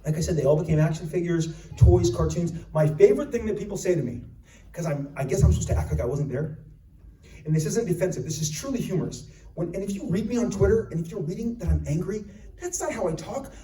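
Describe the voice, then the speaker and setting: A man in his fifties, a panel guest at a convention, telling stories in an animated and sarcastic way. He was recorded from the audience in a large hall. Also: high-pitched, fast talker. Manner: animated, sarcastic, jumps into voices. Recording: echoey hall from far off.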